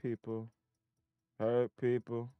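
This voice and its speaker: A man's voice: medium pitch, completely flat delivery, slow pace, smooth, dry recording, phone-quality sound. A man streaming live market trades, muttering to himself and breaking into frustrated, swearing outbursts. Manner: self-critical, talking to himself.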